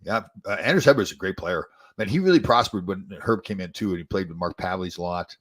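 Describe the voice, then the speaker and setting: Fast-talking husky-voiced older man. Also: low-pitched, animated, a bit bright. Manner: rambling, restarts often, chuckles at own stories. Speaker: podcast host and former hockey player. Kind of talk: casual storytelling chat.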